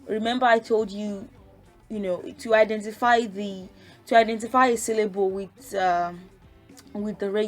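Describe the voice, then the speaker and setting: A woman teaching a language lesson, patiently explaining step by step and sounding out syllables. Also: mid-range voice. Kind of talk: casual spoken lesson.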